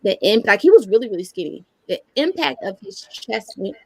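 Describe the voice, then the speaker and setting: A woman in her thirties tells her own story as a podcast guest and lives through the voices of the people in it. Her voice has a gravelly, fry-laced texture, and the recording is dry and close with no room sound. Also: mid-range voice, a little fast, no echo, low-quality recording. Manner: candid, animated storytelling that acts out quoted lines. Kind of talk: personal storytelling in a podcast interview.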